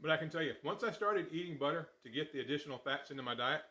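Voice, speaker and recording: A man's voice: on the high side, animated, rapid-fire, sharp tone, husky. A man hosting a casual how-to cooking vlog in his home kitchen, talking in a folksy, chatty way and sometimes eating as he speaks. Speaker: diet vlogger.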